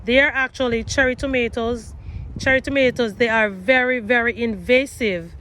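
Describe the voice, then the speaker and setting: A woman's voice: a little high, steady tone, moderate pace, fairly bright tone, slight background noise. A woman gardening vlogger talking viewers through her garden outdoors, chatty and repeating herself. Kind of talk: casual garden tour vlog.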